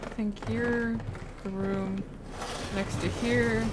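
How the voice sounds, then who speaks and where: A woman's voice: on the high side, level tone, slow pace, heavy background noise. A woman streaming a horror game, giving playful commentary and chatting to game objects and creatures. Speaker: gaming streamer.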